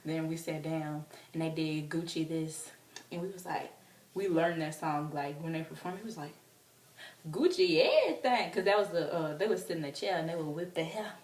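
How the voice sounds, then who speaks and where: Young woman vlogger, lowish voice, excitable chatty storyteller, recorded roomy and a bit off-mic. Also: brisk, far from the mic. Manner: excitable, chatty, full of fillers. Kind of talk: casual storytelling.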